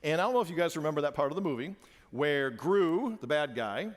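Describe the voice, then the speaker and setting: A man and father giving an animated church presentation to parents, repeating phrases for emphasis, in a church hall. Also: fairly high pitch, a little fast.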